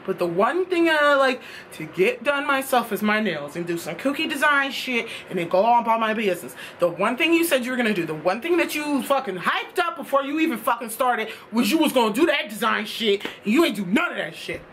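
A woman's voice: a little high, sing-song, brisk, a bit bright, a little hiss or hum. A young woman telling a storytime tale in a casual, exasperated rant, swearing freely. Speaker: vlogger.

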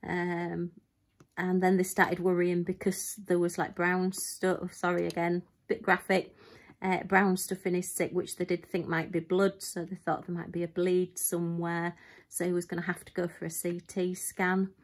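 A middle-aged woman talks casually to her viewers, rambling through a story with ums and side remarks. Her voice sits low and stays fairly even, without much rise and fall. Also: normal speed. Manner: chatty storytelling with frequent ums and asides. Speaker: crafting channel host. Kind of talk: casual chat to camera.

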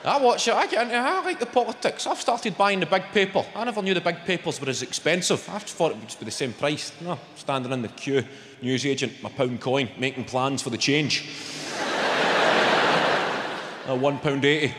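A Scottish man from Glasgow works the crowd in a stand-up set, swearing freely and jumping into quick impressions. His voice sits fairly high and carries through a big echoing hall. Loud audience noise fills the room behind him. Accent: Scottish, Glaswegian. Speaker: stand-up comedian. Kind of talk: stand-up routine. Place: large indoor comedy venue. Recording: echoey live venue, loud audience noise. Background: audience laughter.

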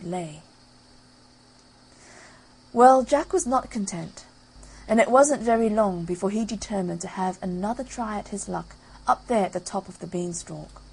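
Woman, audiobook narrator, bedtime fairy tale, lively storytelling, breathy. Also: mid-range voice, poor audio. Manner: lively storytelling with loud sound effects.

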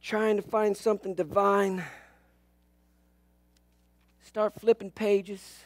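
High-voiced male pastor telling jokes. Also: flat delivery, takes it slowly. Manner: storytelling with jokes and acted-out quotes. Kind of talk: humorous sermon. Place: church sanctuary.

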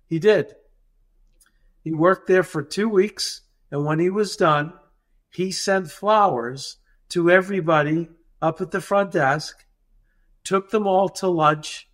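A man, a dental practice consultant, retelling an anecdote in a podcast interview and acting out the dialogue as he goes. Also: a little high. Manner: animated, acts out dialogue in the retelling.

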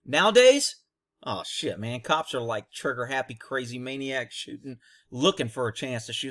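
A man's voice: mid-range voice, animated, moderate pace, a bit bright. A man, a former police officer, giving blunt, profane commentary on a video and telling his own cop stories.

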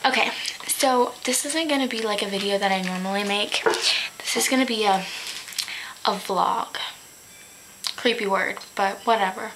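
A woman's voice: medium pitch, normal speed, pauses often, noisy background. A teenage girl vlogging casually to her webcam, chatty and giggly, often stopping to correct her own slips. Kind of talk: casual chat to camera.

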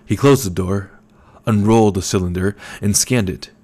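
A man narrating an audiobook in a measured, calm storytelling manner. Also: fairly low pitch. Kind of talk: scripted narration.

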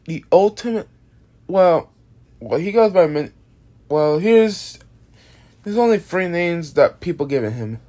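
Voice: mid-range voice, animated, unhurried, long pauses, mellow. Tired, foul-mouthed creator rambling through a casual monster-character explainer. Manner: rambling, restarts often, swears casually. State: tired, yawning. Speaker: video creator presenting an original monster character.

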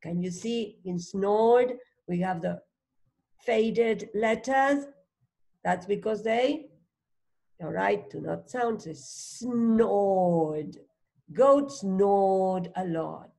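A woman reading a phonics storybook aloud as a teacher, slowly sounding out words, asking questions and praising a child. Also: medium pitch, gravelly, dark tone. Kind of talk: slow read-aloud lesson for a child.

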